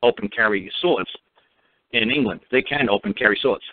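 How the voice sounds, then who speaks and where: A man's voice: fairly low pitch, normal speed. A man talking as a guest on a call-in show, telling a story in a blunt, emphatic and heavily profane way. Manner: emphatic, commanding. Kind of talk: casual call-in radio talk. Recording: dry tinny phone line.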